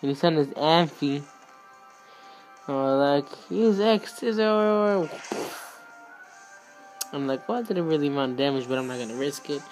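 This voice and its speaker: A young man giving excitable, rambling commentary on a game he played, with sudden outbursts. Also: on the high side, a little slow, pauses often. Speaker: gaming YouTuber. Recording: faint music behind.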